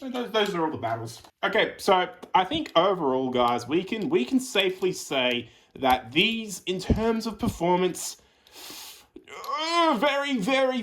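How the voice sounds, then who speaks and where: A man's voice: high voice, big pitch swings, measured pace, fairly bright tone. A man from Australia hosting his own channel, giving a chatty toy review full of fillers and restarts. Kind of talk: casual review commentary. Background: background music.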